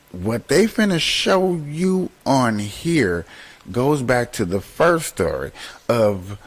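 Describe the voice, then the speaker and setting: A man hosting and talking to viewers, slow and emphatic, repeating words for stress. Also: on the low side, poor audio. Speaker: host. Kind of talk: commentary to viewers.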